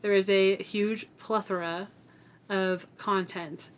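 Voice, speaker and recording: A woman co-hosting a podcast, speaking in an earnest, measured, agreeable way in casual discussion. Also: mid-range voice, steady tone. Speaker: podcast co-host.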